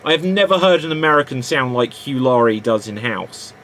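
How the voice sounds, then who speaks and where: A man with a British accent chatting casually on a panel, animated and rambling, often restarting his sentences. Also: mid-range voice, brisk, slight background noise. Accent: British English. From Britain.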